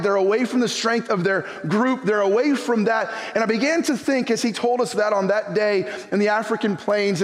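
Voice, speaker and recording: A middle-aged man preaching a sermon and telling a personal story in an animated way, often repeating his words. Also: high-pitched, in a large hall. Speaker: pastor. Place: church sanctuary.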